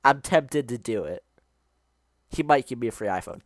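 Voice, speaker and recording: Man reading a text game aloud, excitable and self-mocking, mid-pitched, dry close sound. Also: normal speed, no room sound. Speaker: YouTuber playing a text adventure.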